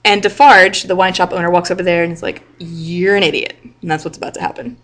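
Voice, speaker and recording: A woman who teaches high school English, explaining a novel to her class in a chatty way, with lots of "like" and "right?". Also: fast talker, a bit bright. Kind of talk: literature lecture with reading aloud.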